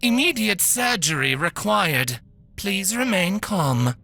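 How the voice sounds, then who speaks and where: Woman as a broken medical robot, slow, flat, insistent. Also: mid-range voice, pitched above the performer's own voice, heavily acted. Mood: cold.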